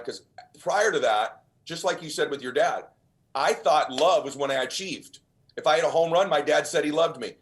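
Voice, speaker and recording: A man as a podcast guest, telling motivational stories in an earnest, emphatic, almost preacher-like way. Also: on the high side. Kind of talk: motivational storytelling.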